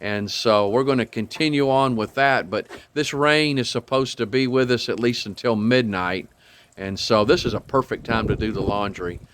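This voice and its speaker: A man's voice: medium pitch, normal speed, fairly bright tone. An older man rambling through a casual travel vlog outdoors, with many ums and restarts. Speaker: RV travel vlogger. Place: outdoors at a state park campground. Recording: faint outdoor background noise.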